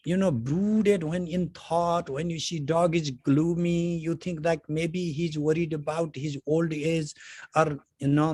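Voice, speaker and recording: A man's voice: fairly high pitch, fairly even intonation, unhurried, a little mellow, no echo. A middle-aged man, a spiritual teacher, giving a conversational philosophy lecture full of anecdotes and "you know" fillers.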